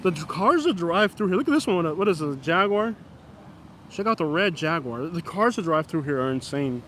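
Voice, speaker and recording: A man's voice: a little high, sing-song, fairly quick, a bit bright, a little hiss or hum. Joking man live-streaming outdoors. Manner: joking, mock-scolding strangers, reacting to chat. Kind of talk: live-stream vlog, commenting on passers-by. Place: outdoors on a busy street with traffic.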